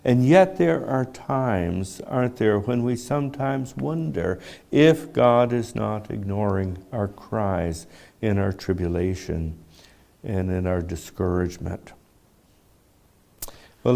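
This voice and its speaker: An older man in his seventies delivers a sermon at an unhurried, deliberate pace. His voice sits a little low, and he talks in a reflective way, pausing on rhetorical questions to the congregation. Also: vocal fry, mellow. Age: 70s. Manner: measured, reflective, poses rhetorical questions to the listeners. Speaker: preacher.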